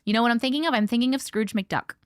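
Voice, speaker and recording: Woman, streamer host, casual and chatty, slightly high voice, dry close sound, swears freely. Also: fast talker, smooth, no room sound. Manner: chatty and bubbly, casual swearing, frequent laughs; lively, greets viewers by name. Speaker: livestream host. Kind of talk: casual live-stream chat, reading viewer comments.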